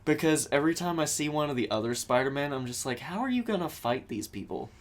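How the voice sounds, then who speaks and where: Male co-host, casual movie chat, halting, lots of restarts. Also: a little high, big pitch swings. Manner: halting, restarts, laughs often, acts out quotes. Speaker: podcast co-host.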